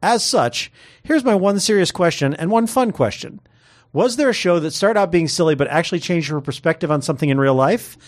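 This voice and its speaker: Male co-host, higher voice, lively delivery, reads listener mail with a joking edge. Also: a little fast. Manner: animated, joking, reads listener notes aloud. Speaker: podcast co-host reading listener messages. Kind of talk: casual chat.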